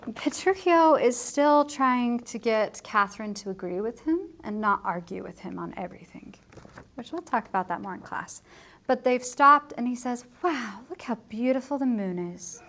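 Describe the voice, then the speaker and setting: A woman teacher giving a chatty, joking plot summary for her students, slipping into quick character voices. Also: on the high side, lively intonation, bright, forceful tone.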